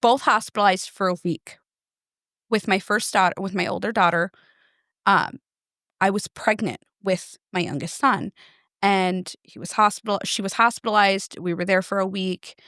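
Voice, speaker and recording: A woman's voice: mid-range voice, moderate pace, no room sound, studio quality. A woman in her thirties, a podcast co-host, telling a personal story in casual chat and acting out what others said. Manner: animated, acts out quoted voices.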